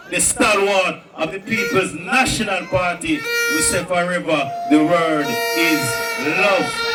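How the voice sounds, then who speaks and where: A man with a Jamaican accent emceeing a political rally, shouting out greetings and rousing the crowd over a PA system. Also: sits high. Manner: rousing, shouted call-outs. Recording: echoey, distant rally sound with music.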